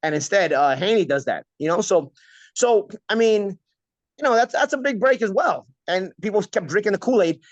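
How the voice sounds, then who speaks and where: A man's voice: high voice, expressive, normal speed, no echo, muffled recording. A man hosting a casual boxing talk show, stuffed up with a cold, talking bluntly and repeating himself. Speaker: podcast host.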